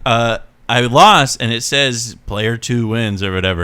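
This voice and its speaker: A young adult man co-hosting a teachers' podcast, chatting casually and telling animated stories. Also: mid-range voice, moderate pace, clean tone. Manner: animated storyteller, jumps into loud mimicry. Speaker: podcast co-host. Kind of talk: casual chat.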